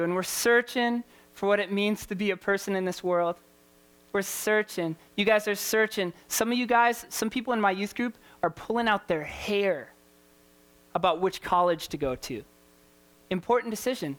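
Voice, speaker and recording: A man's voice: high-pitched, normal speed, fairly bright tone. A man preaching a sermon as a youth pastor, impassioned and repetitive, firing rhetorical questions at his listeners.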